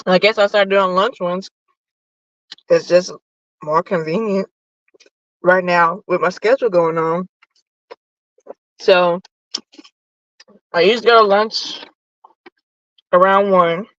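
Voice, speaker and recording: A woman hosting a casual, profane sports chat from her parked car while eating lunch, animated and nosy. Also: fairly low pitch, slow, long pauses, dry recording, dull audio. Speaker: sports podcast host. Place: parked car in a parking lot.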